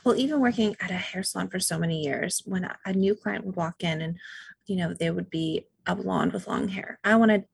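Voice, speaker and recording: A woman's voice: lowish voice, a little fast, vocal fry, breathy edge, dry recording. A woman hosting a podcast, chatting casually and often murmuring agreement while her guest talks. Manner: attentive listener, frequent affirmations. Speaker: podcast host. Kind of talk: casual interview chat.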